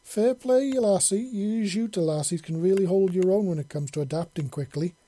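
A man puts on a gruff old space fisherman, stern and boastful, pitched up high and loud above his own voice. He sounds husky and mellow, recorded dry and close. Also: a little fast, no room sound. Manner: stern, boastful, calls her lassie.

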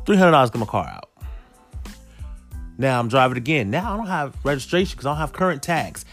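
A man in his thirties telling a casual story straight to his viewers, animated, stacking rhetorical questions and cursing casually. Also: medium pitch, a little fast, long pauses, soft background music.

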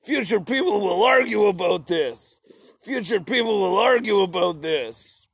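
A man's voice: high-pitched, lively intonation, a little slow, husky, no room sound, pitched above the performer's own voice, exaggerated voice. A man voicing a grumbling male philosopher who is smug about his theory, in an exaggerated whiny mocking tone.

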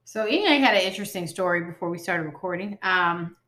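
A woman's voice: fairly low pitch, expressive, brisk, a bit bright, roomy sound. A woman chatting casually and playfully, teasing her friends and reacting with laughter. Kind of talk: casual chat.

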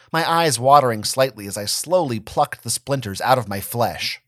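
A man giving a dramatic reading of a first-person story, expressive and wry. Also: medium pitch, no room sound, clean studio sound. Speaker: reader of a fan story.

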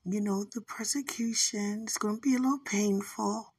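A woman doing a gentle young female angel, her voice lifted higher and fuller than her own. She speaks calmly and peacefully, slightly husky, a little away from the mic in a dry room. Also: normal speed, no room sound, far from the mic. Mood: gentle reassuring. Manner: soft, calm and peaceful.

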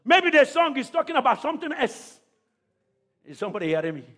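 A man preaching a sermon to a church congregation, calling out questions to the crowd and often shouting. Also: very high voice, sing-song, fast talker. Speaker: pastor.

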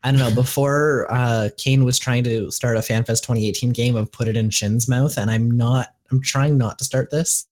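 A man from Canada co-hosting a podcast, telling an anecdote in a relaxed, easygoing way. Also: medium pitch, normal speed, few pauses. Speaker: podcast co-host. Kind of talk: casual chat.

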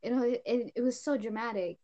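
A woman's voice: on the high side, fairly quick, dark tone. Giggly teenage girl telling a story. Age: teens. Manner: giggly storytelling, bursts into laughter. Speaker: podcast co-host. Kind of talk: casual chat.

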